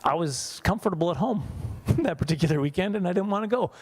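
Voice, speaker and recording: A man's voice: sits high, lively intonation, quick pace. A man in his forties from Saskatchewan doing a chatty, self-mocking stand-up comedy set, laughing at his own jokes. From Saskatchewan, Canada. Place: church hall.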